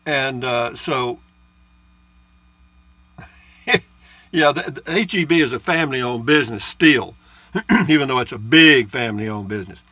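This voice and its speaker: Guy rambling thru viewer comments in his trailer, bright voice, dry sound. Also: medium pitch, measured pace, long pauses, dry recording. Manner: folksy and rambling, with frequent uh's and asides. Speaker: RV vlogger. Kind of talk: casual chat reading viewer comments.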